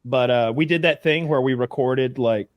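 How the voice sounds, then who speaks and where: A man's voice: mid-range voice, moderate pace, no room sound, muffled recording. A man co-hosting a podcast, telling a rambling story in casual chat. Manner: rambling storyteller, puts on mocking voices. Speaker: podcast co-host.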